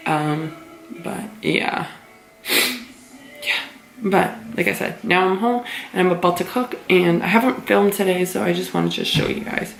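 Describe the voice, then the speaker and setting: A woman's voice: fairly low pitch, a little slow, vocal fry, roomy sound, a little hiss or hum. A young woman from Massachusetts chatting casually in her home kitchen, rambling through a story with lots of fillers. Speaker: vlogger. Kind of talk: casual vlog chat.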